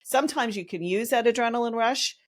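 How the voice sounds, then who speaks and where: A woman's voice: on the high side, fairly quick. A woman hosting a podcast interview, explaining a step-by-step approach in a coaching way. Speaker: podcast host. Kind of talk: casual interview.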